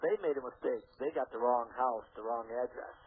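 A man's voice: mid-range voice, fairly quick, a little hiss or hum. A man, a radio interview guest, telling a story and acting out what people said, over a phone line. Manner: animated storyteller acting out quoted dialogue.

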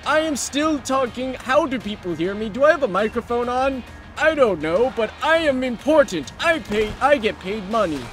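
A man voicing a self-important businessman who narrates in boastful, halting broken English. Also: very high voice, expressive, fairly bright tone, faint music behind. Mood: pompous.

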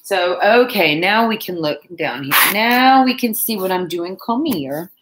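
A woman's voice: medium pitch, animated, unhurried, roomy sound, noisy background. A woman chatting casually and rambling to viewers while she crafts on a livestream. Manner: chatty, rambling, self-deprecating, talks to viewers and pets.

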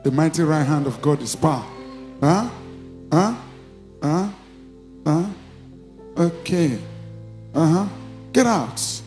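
A male pastor with a Nigerian accent preaching and leading deliverance prayer in a church, commanding and repeating short phrases, sometimes breaking into shouts. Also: on the high side, slow, long pauses, soft background music.

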